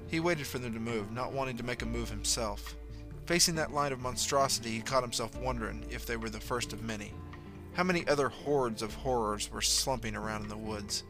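A man narrating a story in a steady, low-key way, dropping softer for inner thoughts. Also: fairly quick, over music. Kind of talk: audiobook narration.

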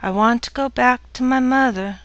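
A woman voicing a young wife who is frightened and worn down, speaking quietly and pleading. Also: on the high side, moderate pace, highs cut off, close to an everyday voice.

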